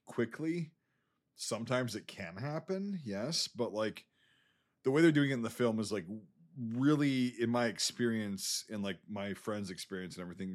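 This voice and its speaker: A man co-hosting a podcast, rambling through a casual film discussion with lots of fillers and swearing. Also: mid-range voice. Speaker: podcast co-host.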